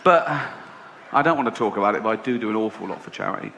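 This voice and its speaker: A man's voice: fairly low pitch, animated, very fast, creaky. A man doing a stand-up comedy set, telling stories in a sardonic, mock-indignant way. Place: theatre stage before a laughing audience. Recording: roomy hall with audience noise.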